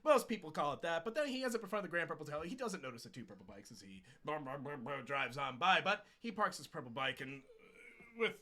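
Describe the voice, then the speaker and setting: A man on a stream telling a long, rambling joke in an animated, playful way, correcting himself as he goes. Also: fairly high pitch. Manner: animated, repetitive, playful, with quick self-corrections. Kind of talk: rambling shaggy-dog joke storytelling.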